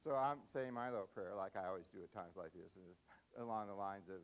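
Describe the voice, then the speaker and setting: A man's voice: sits low, fast talker, poor audio. An older man giving a humorous parenting lecture, folksy, telling a story and tagging his points with "see?". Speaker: parenting speaker.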